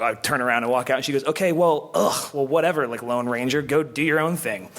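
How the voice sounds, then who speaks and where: A man telling a long comic story on stage at a live podcast recording, animated and swearing, acting out shouts from the story. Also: mid-range voice, fast, hardly any pauses. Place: convention theater before a live audience. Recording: live stage mic with faint noise.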